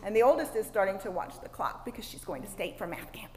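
A woman's voice: medium pitch, fast. Woman telling a sermon story. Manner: expressive storyteller, from hushed asides to loud exclaims. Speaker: women's ministry speaker. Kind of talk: sermon-style personal story. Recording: long hall reverb, faint background noise.

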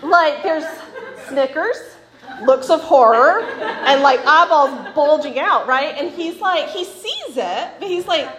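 A woman's voice: sits high, expressive, slow pace, crowd noise. A woman in her forties giving a casual, chatty Bible talk with stories, often laughing and asking "right?", recorded in an echoey room. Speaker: women's Bible study speaker.

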